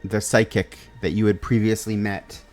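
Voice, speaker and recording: A man narrating a tabletop game as game master, in a deliberate way with plenty of fillers. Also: lowish voice, level tone, a little mellow, faint music behind.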